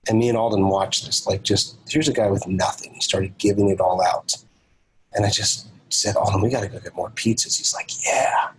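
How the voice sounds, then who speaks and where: A man's voice: lowish voice, brisk, breathy edge, poor audio. A man, a podcast guest and author, telling a personal story and acting out the dialogue of the people in it. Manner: animated storyteller, acts out quoted dialogue.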